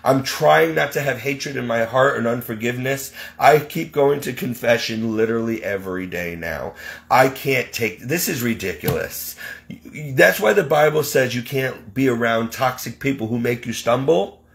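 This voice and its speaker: A man's voice: medium pitch, animated, normal speed, vocal fry, a bit bright. A man venting as a caregiver in an indignant, exasperated monologue. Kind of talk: ranting monologue.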